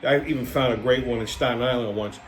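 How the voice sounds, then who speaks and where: Talking fast in a mid-range voice with fairly even intonation, this channel host from Brooklyn has a New York accent. His casual monologue is rambling and blunt, thick with swearing and filler words.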